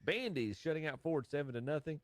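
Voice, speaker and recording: A man hosting a live radio scoreboard show, running through high school football scores in casual studio banter and laughing often. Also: expressive, fairly quick, no echo. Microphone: studio microphone.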